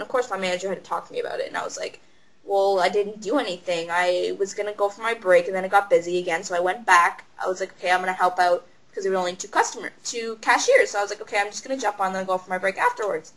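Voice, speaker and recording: Young cashier girl venting about work, bright voice, rambly, keeps doing little quoted voices. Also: medium pitch, rough recording. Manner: chatty, rambling, acts out customers in quick quoted voices. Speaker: retail cashier. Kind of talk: casual vlog storytelling.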